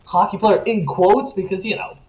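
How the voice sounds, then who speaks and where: A young man on a sports podcast, ranting and swearing as he swings from low grumbling to loud outbursts. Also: normal speed. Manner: animated, profane, jumps between grumbling and shouting. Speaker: podcast co-host. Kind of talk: casual sports podcast rant. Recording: roomy, slightly dull podcast audio.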